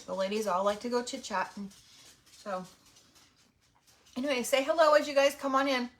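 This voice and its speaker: A middle-aged woman hosts a craft livestream, chatting in a friendly way, greeting viewers and talking while she snacks. Her voice is slightly high and a bit bright, with fairly even intonation and a moderate pace.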